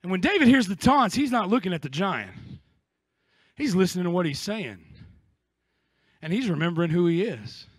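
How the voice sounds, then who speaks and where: A man's voice: high-pitched, very animated, normal speed, pauses often, breathy edge, no echo. Man, pastor, from the United States, impassioned sermon, joking asides, dry close sound.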